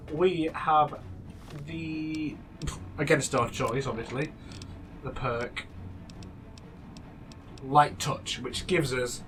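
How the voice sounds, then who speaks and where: A young man talks his way through a video game in a casual, chatty tone at a mid-range pitch. He teases and rambles, restarting his sentences as he goes, with a faint hum of background noise. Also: a bit bright. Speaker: let's play gamer. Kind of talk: casual gameplay commentary.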